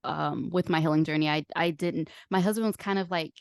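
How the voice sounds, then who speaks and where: A woman's voice: sits low, brisk, clear, resonant tone, no room sound, clean studio sound. A woman hosting a podcast, telling personal stories candidly and animatedly, acting out what others said. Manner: open, animated storytelling with quoted voices. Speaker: podcast host.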